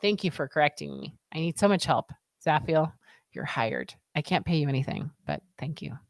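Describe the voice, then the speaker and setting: A woman's voice: sits low, expressive, moderate pace, no echo, studio quality. A woman co-hosting a casual livestream, chatting and reading viewer comments aloud. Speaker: livestream co-host reading chat. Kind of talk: casual chat.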